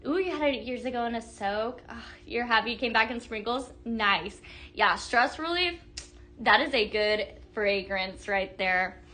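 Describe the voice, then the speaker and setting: A woman's voice: on the high side, expressive, unhurried, bright, forceful tone. A woman hosting a live product stream, chatting casually and gushing over items with lots of fillers and replies to viewer comments. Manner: bubbly, gushing, many fillers, reads comments aloud. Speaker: livestream product host. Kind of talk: casual live-selling chat.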